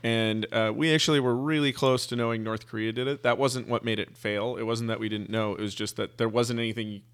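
A man's voice: medium pitch, fairly even intonation, fairly quick, hardly any pauses, smooth. A man, a physicist guest, explaining his views in a thoughtful, hesitant way with many fillers. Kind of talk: casual conversation.

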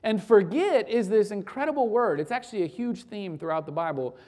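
Man, pastor, sermon, emphatic, rhetorical questions, repeated phrases, loud and hushed in turns. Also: animated, fairly quick. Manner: swings from loud urgent peaks to low quiet lines.

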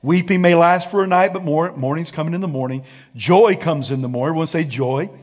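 A high-pitched man preaching a sermon. He calls on the congregation to repeat his words back to him. He drops to a hush, then rises to shouting. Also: fairly quick. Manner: preaching with call-and-response, swinging from hushed to shouting; sings and hums snatches of a song. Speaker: pastor.

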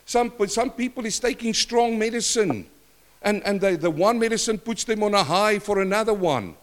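An older man preaching a sermon in church, questioning the congregation and swinging between loud and soft. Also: high voice, moderate pace. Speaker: pastor.

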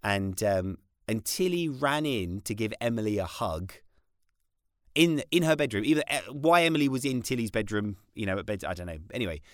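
A man's voice: fairly low pitch, normal speed, no echo, clean studio sound. A British man co-hosting a casual podcast chat, animatedly telling stories and mimicking his kids. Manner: animated, acts out his kids' voices in storytelling. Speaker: podcast co-host. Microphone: studio mic in vocal booth.

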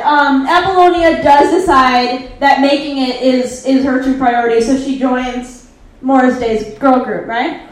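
A woman's voice: high-pitched, a bit bright, slight background noise. A woman doing live stand-up, recapping a movie over slides with sarcastic, profane asides. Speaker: comedian presenting slides. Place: live comedy venue. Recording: very echoey live room.

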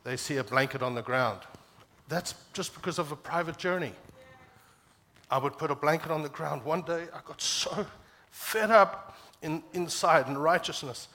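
A man preaching a sermon as pastor, passionate, climbing to emphatic peaks and dropping low and quiet when quoting scripture. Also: normal speed. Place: church.

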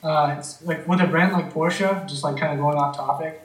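A man in relaxed conversation, talking in a laid-back way, often calling his friend "man" and telling stories with energy. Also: fairly high pitch, moderate pace, distant mic. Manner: laid-back, says "man" a lot, animated storytelling. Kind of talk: casual chat. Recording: roomy, off-mic.

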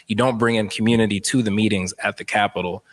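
Earnest young man with a lowish voice. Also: fairly even intonation, quick pace, rough recording. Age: young adult. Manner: earnest and reflective, with many fillers. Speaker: former state representative, guest. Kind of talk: talk-show discussion.

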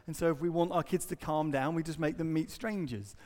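A middle-aged man, a pastor, preaching an earnest sermon and acting out quotes and stories with lively shifts. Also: on the high side, a little fast, long reverb tail. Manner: earnest, animated storytelling with acted-out quotes.

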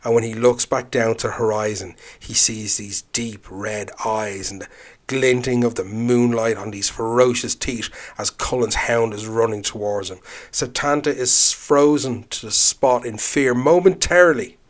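A male storyteller telling an old legend aloud with measured, dramatic delivery. He slows down to stress key moments, in a medium-pitched voice. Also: fairly even intonation. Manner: measured, dramatic, slowing for emphasis. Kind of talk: oral storytelling.

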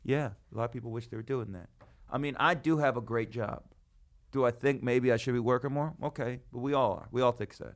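Animated man in his thirties hosting. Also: mid-range voice, brisk. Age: 30s. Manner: animated, swings loud and soft, swears freely. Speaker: podcast host and comedian. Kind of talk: casual chat.

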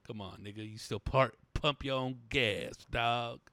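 A man's voice: mid-range voice, a little slow, sharp tone, no room sound. A man from Southern California in casual comedic chat, laid-back and profane, laughing often.

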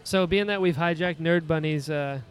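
A man's voice: fairly high pitch, normal speed, soft background music. A man hosting a podcast, interviewing guests at a convention booth in an easygoing, agreeable way. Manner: easygoing, agreeable, laughs often. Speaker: podcast host.

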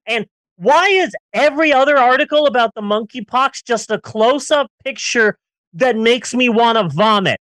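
Man, movie podcast co-host, sarcastic ranting, wildly varied pitch, dry close mic. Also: moderate pace, no room sound. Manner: animated ranting, sarcastic jokes and riffs. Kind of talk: casual comedic film review chat.

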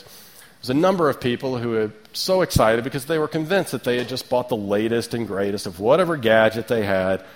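A man in his thirties preaching a sermon to a congregation. His voice sits on the low side, and he talks in an easy, conversational way. He tosses in rhetorical questions and small asides as he goes.

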